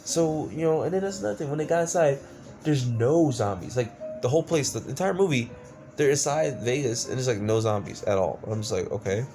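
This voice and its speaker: A man's voice: mid-range voice, lively intonation, brisk, warm tone, faint music behind. A man giving a casual, exasperated movie review, swearing often and stumbling over fillers. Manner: exasperated, profane ranting with many fillers.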